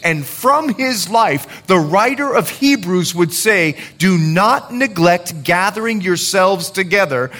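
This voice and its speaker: Animated preaching man. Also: high voice. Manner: animated preaching with jokes and asides. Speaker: pastor. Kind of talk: sermon.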